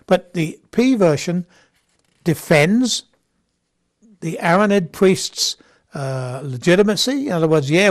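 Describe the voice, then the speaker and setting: With a high-pitched, animated voice at a moderate pace, a man teaches an informal Bible lecture. He keeps it conversational, restarting and repeating words and frequently asking "okay?".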